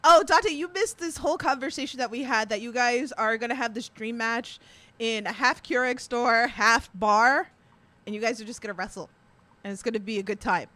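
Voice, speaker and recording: Giggling high-voiced woman podcast host. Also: moderate pace, pushed and bright, no room sound. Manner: giggly, laughs constantly, reads chat comments aloud. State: laughing to tears. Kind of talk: casual chat.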